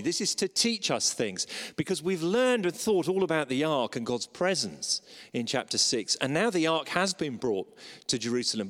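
A man preaching a sermon, animated and acting out the voices he quotes. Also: a little high. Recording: long reverb of a large hall.

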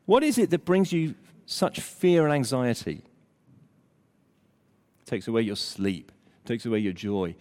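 An older man preaching a sermon, emphatic, at times dropping almost to a hush. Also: fairly high pitch. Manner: animated, emphatic preaching with dramatic drops to near-whisper. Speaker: pastor. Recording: long hall reverb.

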